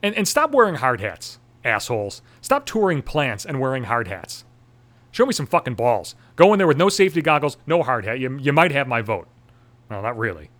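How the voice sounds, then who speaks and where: A man's voice: mid-range voice, big pitch swings, normal speed, a bit bright. A man who works in radio, delivering a profane, sarcastic, angry rant to the camera. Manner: angry, swearing constantly, sarcastic. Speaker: radio station worker. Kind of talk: profane ranting monologue.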